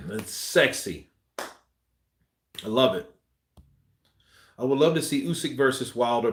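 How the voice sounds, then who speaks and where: A man's voice: mid-range voice, fairly bright tone. A man hosting a boxing live stream, reading viewer comments in a loose, joking way and laughing often. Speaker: boxing channel host. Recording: roomy echo.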